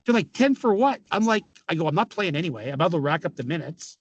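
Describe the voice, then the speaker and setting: A Canadian man in his fifties tells rowdy hockey stories in a casual chat, swearing freely, laughing, and acting out each quote. His voice sits a little high, and the sound is close and dry with no room echo. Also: expressive, very fast, breathy edge. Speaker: podcast guest, former pro hockey player. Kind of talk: casual storytelling.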